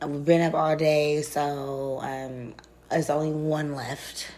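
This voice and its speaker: A young woman hosting her podcast in a casual chat, her voice hoarse and nearly gone, chatty and giggly. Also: deep voice, steady tone, a little mellow. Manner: giggly, chatty, drawn-out exclamations. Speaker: podcast host. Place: vacation rental room.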